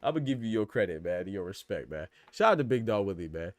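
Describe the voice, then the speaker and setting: Fast-talking man hosting a boxing podcast. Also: deep voice, sing-song, no echo. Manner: rapid, conversational, slangy, shouting out chatters. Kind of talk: casual solo commentary reading live chat.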